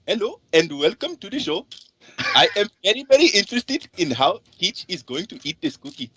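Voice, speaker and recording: A man voicing an over-the-top commentator in a mock Indian accent, getting excitable and shouting. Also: high voice, normal speed, background noise, voice pushed up. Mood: gushing.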